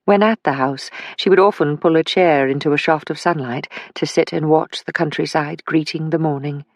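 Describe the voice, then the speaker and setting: A narrator reads a mystery novel at a measured, even pace. The sound is dry and close, with no room around the voice. The pitch sits in an ordinary middle range. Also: no echo. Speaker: audiobook narrator. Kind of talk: scripted audiobook narration.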